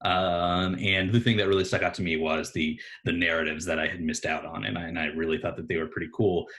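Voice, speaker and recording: A man's voice: low voice, steady tone, a little fast, fairly bright tone. A man co-hosting a casual podcast chat, teasing dryly and using lots of fillers. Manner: dry, teasing, filler-heavy. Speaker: podcast co-host.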